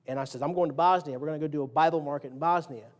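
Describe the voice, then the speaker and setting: In a church sanctuary, a man with a rather high, very fast voice preaches a sermon. He keeps it casual and full of jokes, quizzing the congregation and acting out quotes and sound effects.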